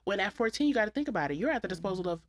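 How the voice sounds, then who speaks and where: A young woman hosting a podcast, telling candid stories with animated delivery and blunt language. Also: medium pitch, very fast. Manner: candid, animated storytelling with profanity. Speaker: podcast host. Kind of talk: casual chat.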